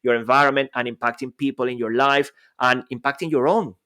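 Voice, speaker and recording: A man co-hosting a podcast in casual chat, lively and jokey, his voice jumping up and down. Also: medium pitch, a little fast, smooth. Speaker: podcast co-host.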